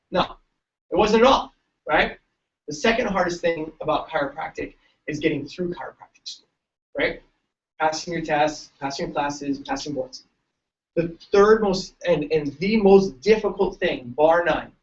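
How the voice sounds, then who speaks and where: A man's voice: a little high, fairly quick, distant mic, highs cut off, some chatter behind, a little hiss or hum. A man giving a joking, story-filled motivational talk to students at a large event. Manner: joking, tells stories, laughs often. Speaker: keynote speaker.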